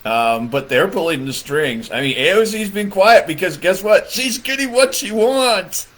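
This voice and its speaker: A man's voice: sits high, expressive, measured pace, fairly bright tone. A man, a political comedian, rambling through a crude comedic rant, laughing often and leaning on fillers. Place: Michigan.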